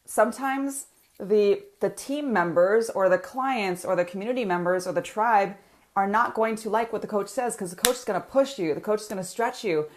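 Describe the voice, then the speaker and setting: Animated woman coach, laughing often. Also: mid-range voice, moderate pace. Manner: animated, laughs often, frequent filler words. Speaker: business coach teaching a training. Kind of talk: live online coaching training.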